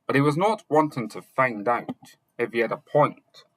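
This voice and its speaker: A man narrating chapters of a fantasy novel, reading slowly and haltingly, sometimes correcting himself and only lightly voicing the characters. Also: mid-range voice, expressive, no room sound, poor audio. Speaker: audiobook narrator.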